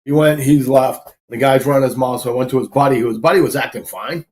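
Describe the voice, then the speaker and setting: A man's voice: medium pitch, fast talker, darkish tone. Rambling, profane ex-bouncer man. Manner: profane, rambling, filler-heavy. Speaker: guest, former bouncer. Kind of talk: casual storytelling.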